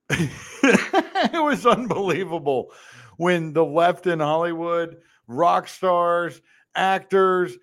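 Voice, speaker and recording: Male talk host, high-pitched, animated sarcastic rant, live podcast monologue. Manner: animated, sarcastic ranting with mocking impressions.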